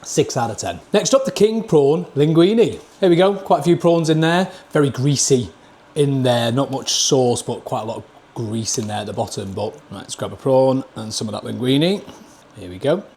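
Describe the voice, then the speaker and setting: Northern English man, mid-pitched, blunt casual food reviewer, talks between bites. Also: lively intonation, normal speed, darkish tone, slight background noise. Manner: blunt, plain-spoken, scores each dish out of ten.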